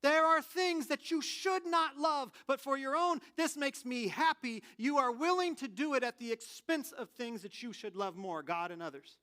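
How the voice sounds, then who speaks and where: Bright, high-voiced male preacher. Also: normal speed, few pauses. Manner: animated, candid, personal anecdotes. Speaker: pastor. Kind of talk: conversational sermon.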